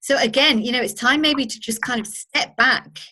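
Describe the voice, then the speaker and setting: Conversational woman teaching, slightly high voice. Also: moderate pace, sharp tone. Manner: conversational, acts out quoted reactions. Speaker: presenter of a training course. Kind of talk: spoken lesson on emotional intelligence.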